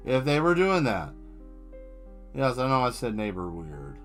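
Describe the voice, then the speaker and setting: A man hosting a live art stream, talking in loose, joking riffs as he works. His voice sits at a middle pitch with a bright, edgy tone. Soft music runs faintly in the background. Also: moderate pace. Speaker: streaming artist. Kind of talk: live-stream chat while drawing.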